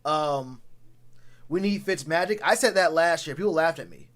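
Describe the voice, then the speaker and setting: A man with a notably high-pitched voice talks straight to his live chat in a loose sports rant. He is blunt and full of slang, and he circles back on his own phrases to drive a point home. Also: animated, moderate pace, fairly bright tone. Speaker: sports commentary streamer.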